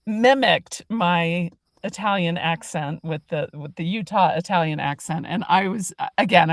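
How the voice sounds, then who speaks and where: A woman hosts a podcast interview in a chatty, self-deprecating manner. Her voice sits somewhat low for a woman. The sound is dry, with no room echo. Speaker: podcast host. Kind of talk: casual interview chat.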